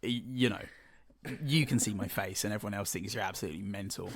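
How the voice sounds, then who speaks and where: A man's voice: fairly low pitch, fast, no echo, clean studio sound. Nasal man, rambling. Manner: rambling, hesitant with ums. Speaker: podcast co-host. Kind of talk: casual comedy chat.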